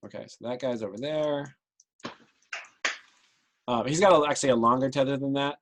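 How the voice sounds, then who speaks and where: A man narrating a tabletop game as game master, relaxed and filled with hesitations. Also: mid-range voice, normal speed, background noise. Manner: relaxed, many ums, describes the scene.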